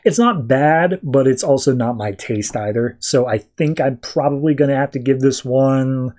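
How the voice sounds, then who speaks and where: A man's voice: medium pitch, normal speed, darkish tone. Casual man recapping comics. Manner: chatty, loose paraphrase with offhand asides. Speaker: podcast host.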